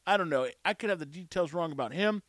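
High-voiced man telling a rambling story. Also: animated, fast, a bit bright, dry recording, studio quality. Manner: rambling, wry and self-mocking. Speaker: show host. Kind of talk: casual storytelling monologue.

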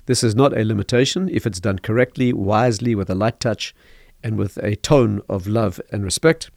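Low gravelly older man, measured. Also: a little mellow, no echo, studio quality. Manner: measured, storytelling, chuckles at own anecdotes. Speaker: rabbi, guest teacher. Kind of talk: podcast interview, explanatory.

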